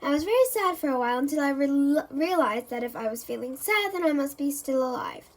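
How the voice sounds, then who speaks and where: A woman's voice: sits high, expressive, a little fast, rough recording. A woman reading aloud as a cheerful, chatty postman from a children's storybook, with a rambling, friendly delivery.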